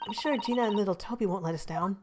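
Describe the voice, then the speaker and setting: A woman's voice: mid-range voice, fast, background noise, voice pushed up, natural voice. A woman voicing a polite, earnest young male lawyer in her own voice.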